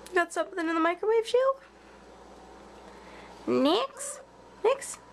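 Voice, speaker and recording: Lady baby-talking her cats at home, super high squeaky voice, slow and drawn out, faint hiss behind. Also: very animated, creaky. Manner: high sing-song baby talk to pets, repeating short greetings. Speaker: cat owner filming her pets. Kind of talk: casual pet vlog. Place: at home indoors.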